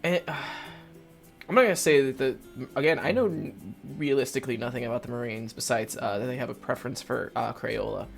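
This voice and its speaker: A man narrating a game in casual let's play style, rambling loosely and swearing freely. He sounds self-mocking and offhand, at an average pitch. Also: brisk, gravelly, soft background music. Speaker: gaming video host.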